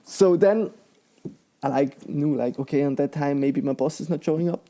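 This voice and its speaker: Excitable young man, mellow voice. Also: fairly high pitch, normal speed. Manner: excitable, laughs often, lots of fillers. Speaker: guest, professional mountain bike rider. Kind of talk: casual conversational interview.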